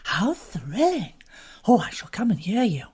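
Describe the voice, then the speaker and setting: A woman's voice: mid-range voice, big pitch swings, measured pace, a little mellow, husky, pitched above the performer's own voice, exaggerated voice. A woman voicing a bored, drawling young upper-class woman in an audiobook. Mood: sympathetic. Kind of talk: audiobook character reading.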